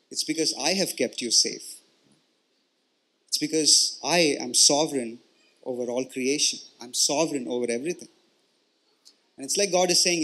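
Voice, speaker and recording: A man's voice: mid-range voice, normal speed, long pauses, pushed and bright. A male pastor preaching in a conversational, explanatory way, often checking in with "right?" and "you know" and repeating words as he goes. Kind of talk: conversational sermon.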